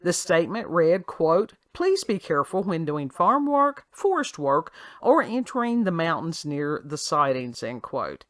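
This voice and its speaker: A woman's voice: low voice, big pitch swings, unhurried, hardly any pauses, no room sound, clean studio sound. A woman hosting a casual talk show, reading a news story aloud with sarcastic asides and frequent laughs. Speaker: podcast host. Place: at home with her child nearby.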